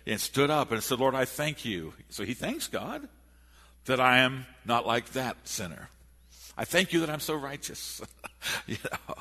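A man preaching a sermon in a church, animated and storytelling, with frequent restarts. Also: mid-range voice, husky. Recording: echoey hall.

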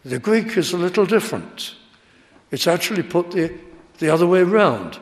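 A man preaching an expository sermon, reading verses and explaining them with deliberate emphasis. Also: high voice, sing-song. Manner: slow, deliberate Bible exposition with rising emphasis. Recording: long hall reverb.

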